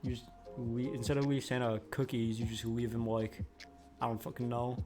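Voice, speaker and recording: A man's voice: mid-range voice, flat delivery, normal speed, over music. A young man co-hosting a podcast, chatting casually, swearing and laughing often. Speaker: podcast co-host. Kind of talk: casual comedic chat.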